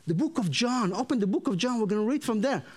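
A man putting on a gentle Southern lady. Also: high-pitched, lively intonation, fast. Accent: Southern American, as put on. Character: sweet Southern woman leading a Bible study.

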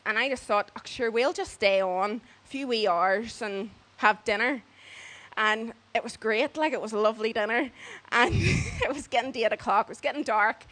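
A woman telling a story in a lively, chatty way. Her voice sits a little higher than most, and she slips into other people's voices as she talks. She laughs here and there as the story goes on. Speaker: storyteller on a church mission trip. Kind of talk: casual spoken storytelling.

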